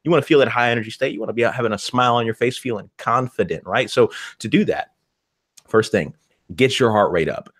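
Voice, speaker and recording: Fast-talking, punchy motivational man. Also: medium pitch, a bit bright. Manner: fast, punchy, repeats words for emphasis. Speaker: podcast co-host. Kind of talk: motivational talk.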